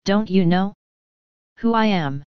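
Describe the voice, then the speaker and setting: A woman's voice: medium pitch, animated, slow, clean tone, dry recording. A woman reading the lines of a troubled older woman, with a plain questioning delivery and a dull, dry sound. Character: older woman, weary, searching, elderly.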